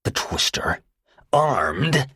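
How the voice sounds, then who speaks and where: A vicious young gunman in an audiobook thriller, spitting venom in a very deep, husky voice, as a male narrator plays him. He sounds hard and cold. The recording is dry and close. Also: moderate pace, a bit bright, dry recording, heavily acted. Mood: alarmed. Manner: menacing, venomous. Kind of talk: audiobook character voice.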